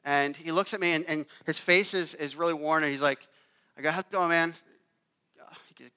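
A man in his thirties gives a relaxed, storytelling sermon, often checking in with the congregation with a quick "okay?". His voice is bright and smooth, a little higher than most men's. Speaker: pastor. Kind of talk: conversational sermon.

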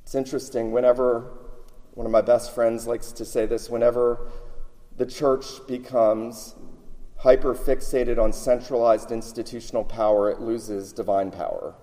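A man's voice: mid-range voice, little pitch movement, normal speed, mellow. A man preaching a sermon, emphatic, often repeating words as he builds his points. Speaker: pastor. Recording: long hall reverb.

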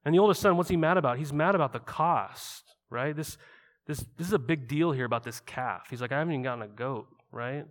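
A man's voice: a little high, a little fast, big-room sound. A man preaching a sermon in a conversational way, often asking his listeners rhetorical questions. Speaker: pastor.

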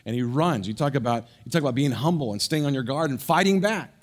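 A male pastor preaching a sermon, telling a story with animated energy, then dropping soft and low to press a point, with quick stumbles and restarts.

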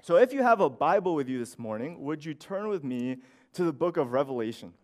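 A man's voice: fairly high pitch, sing-song, brisk. A man in his thirties preaching a sermon as pastor, earnest and conversational, often checking in with "you know" and "right?".

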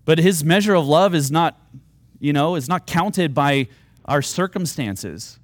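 A man's voice: on the high side, expressive, a little slow, dry recording. A man preaching a sermon, earnest and at times rising to fervent, pleading appeals. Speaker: pastor.

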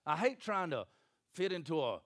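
A man, preaching a sermon in a church with jokey, animated storytelling and acted voices. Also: on the high side, moderate pace. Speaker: pastor.

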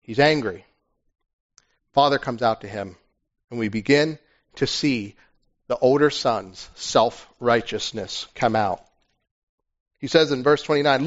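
A male pastor preaching a sermon in a conversational, animated storytelling manner. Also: medium pitch, measured pace, long pauses. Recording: dull lo-fi recording.

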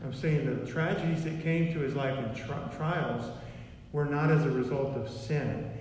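A pastor preaches repetitively and emphatically in a medium-pitched, darkish voice at normal speed. Recorded from far off in an echoey church hall, with slight background noise.

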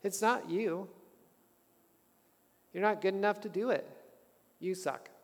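A man preaching a sermon as a pastor, animated and calling the congregation to say lines back to him. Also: sits high, slow. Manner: animated, calls the congregation to respond. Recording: long hall reverb.

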